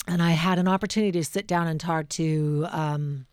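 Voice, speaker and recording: Middle-aged female broadcaster, lowish voice, lively storyteller, dry close mic. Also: moderate pace, smooth, dry recording. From Western Canada. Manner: animated, acts out quotes with shifting voices. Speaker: radio host, interview guest. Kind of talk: storytelling in a casual interview.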